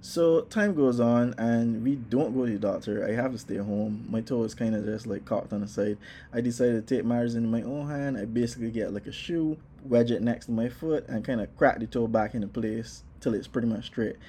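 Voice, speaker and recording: A man casually telling a personal story, animated, acting out his own exclamations. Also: medium pitch, fairly quick, a little hiss or hum.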